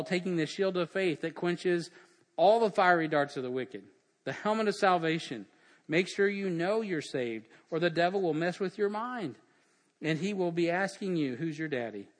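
A middle-aged man preaching with punchy emphasis, firing off rhetorical questions at his congregation. His voice sits a little higher than most men's, and it rings out with a long reverb from the church hall around him. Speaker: pastor. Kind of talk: sermon.

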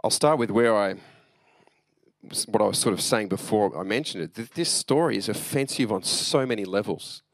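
Man, pastor, low pitch, chatty earnest preaching, dry sound. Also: normal speed, no room sound. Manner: conversational and earnest, with restarts and asides. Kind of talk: sermon.

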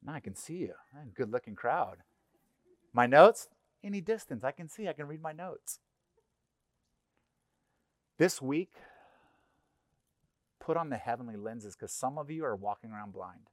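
A middle-aged man preaching a sermon in a conversational, animated way, acting out little voices. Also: mid-range voice, a little slow, pauses often, dry recording, clean studio sound. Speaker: pastor. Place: church.

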